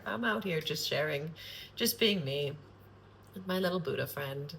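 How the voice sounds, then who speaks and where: A woman's voice: deep voice, lively intonation, slow, gravelly, long pauses, a bit bright, a little hiss or hum. A woman talking to camera in a loose, rambling monologue, earnest and sprinkled with swearing. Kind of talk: casual spontaneous monologue.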